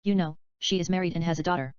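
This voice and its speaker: A woman reading the part of a chatty, dreamy male screenwriter in a plain, even voice. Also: on the low side, fast talker, clear, resonant tone, no room sound, lightly acted. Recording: dull, slightly lo-fi dry recording.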